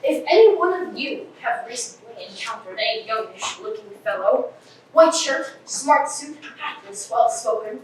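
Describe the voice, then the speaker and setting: Heard from far off through a distant room mic, an echoey hall with faint hiss carries a woman's voice from a school stage. She is playing a pompous, bumbling male police inspector in a live play, declaiming theatrically. Her pitch is on the high side, her intonation lively, her pace unhurried.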